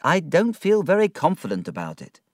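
A man voicing an earnest, gentle young man in love, speaking in a raised, earnest voice. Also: huge pitch swings, moderate pace, no echo, clean studio sound. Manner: earnest, raised-pitch delivery.

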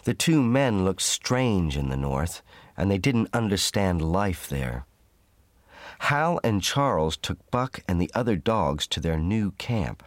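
A man reading a simple storybook aloud in a measured, clear narration for learners. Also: low-pitched, very animated, no echo.

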